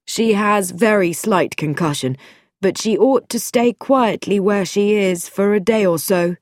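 A woman reading a storybook, voicing a young male doctor in a lower, curt and authoritative tone. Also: a little slow, darkish tone, no room sound, studio quality, natural voice. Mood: measured.

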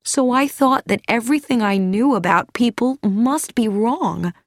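A woman reading an audiobook, voicing a gentle, humble elderly woman who speaks softly and earnestly. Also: fairly high pitch, measured pace, no echo, studio quality. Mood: earnest wistful.

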